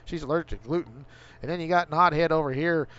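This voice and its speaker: Middle aged guy ranting on his game stream, swears a lot, kinda high voice, dull muffled mic. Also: fast talker, a bit bright, smooth. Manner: profane, ranting, rising to angry outbursts. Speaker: gaming livestream host. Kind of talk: casual rant while streaming. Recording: dull lo-fi stream audio with faint vehicle hum.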